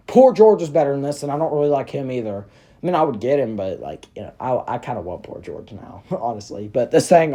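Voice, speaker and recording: A man hosting a casual review vlog, talking excitably and ranting with plenty of exaggeration. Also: medium pitch, brisk. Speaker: prop reviewer, channel host.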